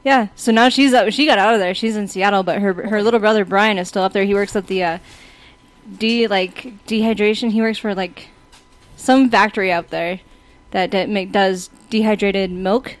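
A woman's voice: medium pitch, fairly even intonation, moderate pace. A woman guest on a podcast, chatting casually and laughing easily. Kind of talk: casual chat.

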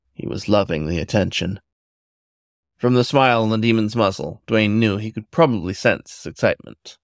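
Low-voiced man reading a story. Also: no room sound, clean studio sound. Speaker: narrator.

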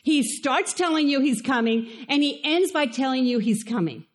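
A woman with a Spanish accent preaches in a high, bright-toned voice. Her delivery is conversational and animated, and she keeps turning questions back to the congregation. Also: moderate pace. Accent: Spanish-accented English. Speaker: pastor. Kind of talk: sermon.

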